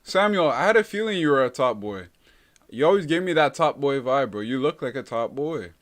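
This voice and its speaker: A man's voice: medium pitch, lively intonation, a little fast, fairly bright tone. Laid-back young guy chatting. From Canada. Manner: laid-back, calls everyone bro. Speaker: live-stream host. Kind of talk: casual chat reading viewer comments.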